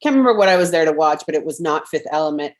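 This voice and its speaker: Woman, 30s, lower voice, animated rambling chat, lots of ums, remote call mic. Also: very fast. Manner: animated, rambling, many fillers and laughs. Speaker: podcast guest. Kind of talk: casual chat.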